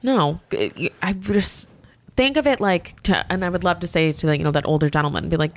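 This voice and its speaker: A young woman with a somewhat low voice swaps work stories on a podcast, venting in a lively way and playing out both sides of each exchange. The sound is close and dry, with no room around it. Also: brisk, dry recording. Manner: animated venting storyteller who acts out exchanges. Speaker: hotel front desk manager, podcast co-host. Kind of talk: casual podcast chat.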